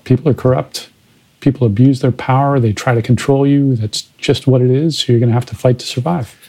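A man's voice: medium pitch, fairly even intonation, brisk, mellow, breathy edge, poor audio. A man hosting a podcast, analyzing films in a conversational way. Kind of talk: casual film discussion.

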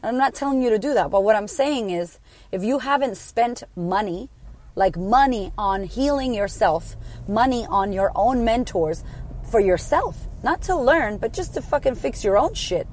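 A woman in her thirties, a life coach, telling her story in a blunt, sweary, animated way. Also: fairly high pitch, normal speed. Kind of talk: casual storytelling to camera.

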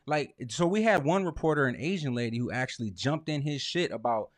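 A man's voice: fairly high pitch, animated, a little fast. A man in casual conversation, talking animatedly and swearing freely, reading quotes aloud in put-on voices.

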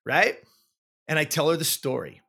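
A man in his forties telling a personal story in casual chat, animated, repeating words and acting out what people said. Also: on the high side, normal speed, vocal fry, slightly rough.

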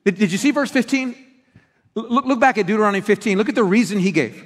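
Guy pastor preaching a sermon, kinda high voice, long echo from the big hall. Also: quick pace. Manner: earnest, teaching, with emphatic stresses. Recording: reverberant hall.

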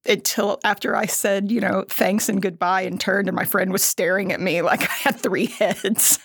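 A middle-aged woman co-hosts an educational podcast in a casual, chatty way, often laughing at herself with self-deprecating humor. Her mid-range voice is steady, creaky and fairly bright with a breathy edge, and she keeps a moderate pace. The sound is clean studio audio with no echo.

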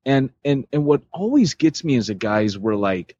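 A man's voice: mid-range voice, very animated, moderate pace, warm tone, husky, no room sound, muffled recording. A man from Europe co-hosting a podcast, chatting casually and rambling with lots of fillers. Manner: rambling, loose, full of fillers. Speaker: podcast co-host. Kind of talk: casual chat.

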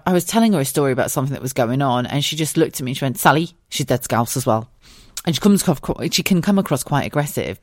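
A woman's voice: sits low, a little mellow, dry recording, clean studio sound. A woman, hosting her own podcast in a candid, chatty way, swearing freely and wandering off on tangents. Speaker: podcast host. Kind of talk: casual solo podcast monologue.

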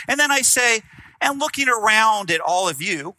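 A man preaching a sermon in an animated, conversational way, acting out quotes and asking the listeners questions. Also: high-pitched, moderate pace, no room sound, poor audio. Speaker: pastor.

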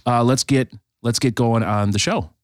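A man hosting a podcast in a studio, chatting casually and haltingly, with frequent restarts. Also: mid-range voice, dry recording. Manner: halting, many restarts and fillers. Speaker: podcast host. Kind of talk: casual chat.

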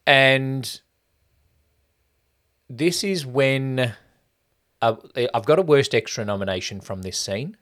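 A man's voice: medium pitch, takes it slowly, long pauses, a bit bright. Chatty man picking apart a film. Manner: mimics lines with exaggerated emphasis. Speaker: podcast co-host. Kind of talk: casual movie review chat.

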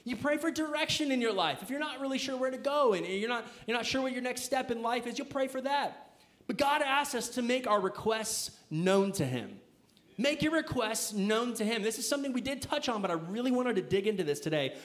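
High-voiced man preaching casually. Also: animated, a little fast, a bit bright. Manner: chatty, filler-heavy, asks the listeners rhetorical questions. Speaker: pastor. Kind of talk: casual conversational sermon.

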